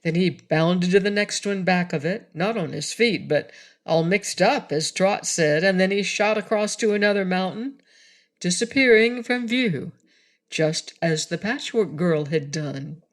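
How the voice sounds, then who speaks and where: A woman narrating a children's audiobook in a slow, even, clear reading voice. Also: on the low side. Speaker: audiobook reader.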